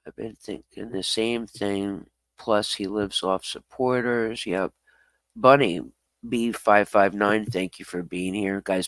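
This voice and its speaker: Reading viewer comments aloud on a live stream, this man fires back blunt answers, swears freely and laughs a lot. He has a low, fairly bright voice captured in a dry recording.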